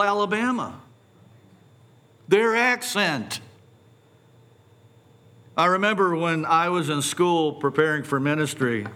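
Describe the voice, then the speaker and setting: A middle-aged man preaching a sermon, posing animated rhetorical questions and stumbling over repeated words when excited. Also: a little high. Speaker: pastor.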